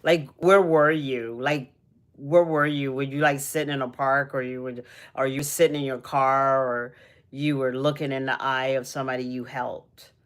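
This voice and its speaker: A young woman hosts a casual livestream, talking emotionally and ramblingly about energy and purpose, restarting her sentences often. Her voice is a rumbling low with a steady tone at a moderate pace.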